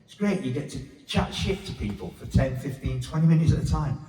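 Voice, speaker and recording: A man's voice: fairly high pitch, lively intonation, a little fast, mellow, faint music behind. A middle-aged man doing a crude, swearing stand-up set on a handheld mic in a pub comedy room. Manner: crude, blunt storytelling with swearing. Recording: echoey pub room from far off.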